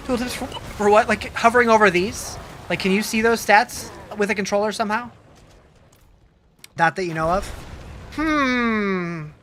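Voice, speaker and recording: A game streamer talking into a home desk mic on a live stream, fighting a case of hiccups. The voice is bright and sharp, chatty and loose, stopping and restarting sentences while answering chat. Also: mid-range voice, a little hiss or hum. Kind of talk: casual live-stream chat, reading viewer comments.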